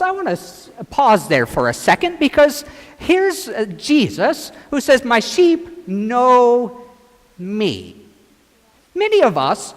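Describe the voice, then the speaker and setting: Brief: priest leading a children's gospel skit, high and very animated, long church echo. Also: male voice. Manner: animated storytelling, directing children. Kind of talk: children's sermon with acted gospel.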